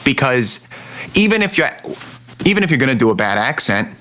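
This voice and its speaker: Animated man ranting about film accents. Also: medium pitch, brisk. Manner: animated, jumpy, restarts a lot. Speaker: podcast co-host. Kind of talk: casual movie review chat.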